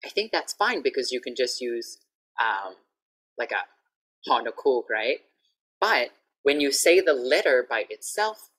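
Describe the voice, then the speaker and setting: A woman teaching English pronunciation in an online lesson over a video call, patiently repeating each word clearly. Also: extremely low pitch, sing-song, unhurried, a bit bright.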